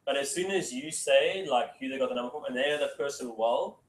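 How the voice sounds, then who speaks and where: A man's voice: mid-range voice, a little fast. A man giving a casual sales training talk to a room. He keeps saying "okay" and acts out phone calls. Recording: echoey room, mic from far off.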